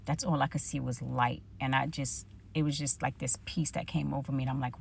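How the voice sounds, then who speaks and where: A woman tells a personal faith story. She acts out the back-and-forth of her own past conversations. Her voice has a gravelly edge, and a faint hiss sits under the recording. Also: a bass voice, brisk, hardly any pauses. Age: 40s. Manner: storytelling, animated retelling of her own dialogue. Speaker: vlogger.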